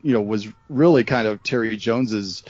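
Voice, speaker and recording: A man's voice: fairly low pitch, normal speed, darkish tone, dry recording, highs cut off. A man appearing as a guest on a film podcast, chatting in a rambling way with restarts and many filler phrases. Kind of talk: casual chat.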